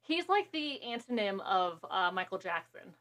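A woman's voice: medium pitch, sing-song, a bit bright. A woman co-hosting a podcast, chatting casually and rambling about a movie as she watches it. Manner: rambling, quick asides, laughs. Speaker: podcast co-host.

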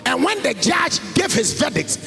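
Male preacher, high and bright, singsong delivery, long hall reverb under faint music. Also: sing-song, moderate pace, gravelly. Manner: preaching in a sing-song voice that swings up to shouts. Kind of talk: sermon.

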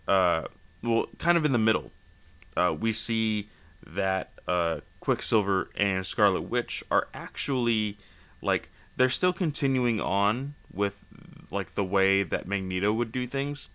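A man's voice: fairly low pitch, sharp tone, clean tone. A man casually recapping comic book issues, rambling with many fillers and restarts.

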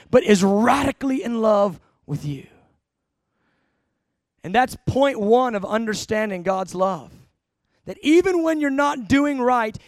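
Emphatic male preacher, very high voice, dry close sound, punchy questions to the room. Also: dry recording. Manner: emphatic, shifting between slow stressed phrases and rapid asides; asks the congregation questions. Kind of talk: sermon.

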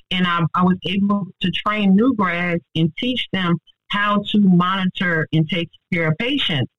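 Earnest nurse, dry dull sound. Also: female voice, on the low side, no room sound. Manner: earnest, heartfelt and faith-driven, quick and emphatic. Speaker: ICU nurse. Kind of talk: personal testimony in an interview.

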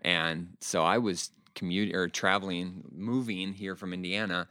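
A pastor chatting on a podcast, telling stories in an animated way and laughing often. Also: male voice, low-pitched, unhurried, clean tone, no echo, clean studio sound. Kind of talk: casual podcast chat.

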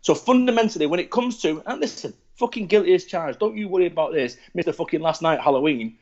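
A man's voice: a little high, fast, muffled recording. A man, chatting bluntly and swearing freely as he tells stories about himself. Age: 40s. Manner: blunt, sweary, animated storytelling. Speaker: podcast guest. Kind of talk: casual chat.

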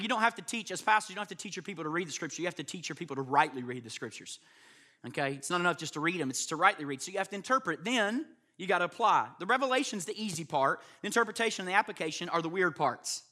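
A man with a high, sharp-toned voice preaches a sermon live before a room of pastors. He's emphatic and keeps checking in with his listeners.

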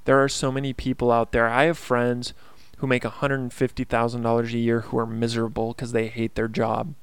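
A man's voice: mid-range voice, completely flat delivery, fairly quick, clear, resonant tone, no echo. A man hosting his own casual podcast, talking in an earnest, upbeat motivational way with plenty of fillers. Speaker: podcast host. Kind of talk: casual solo podcast monologue.

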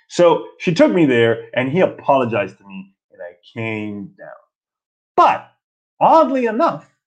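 A man in his forties hosting a casual live stream from his old bedroom, ranting and telling stories in a profane, self-mocking way. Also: on the high side. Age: 40s.

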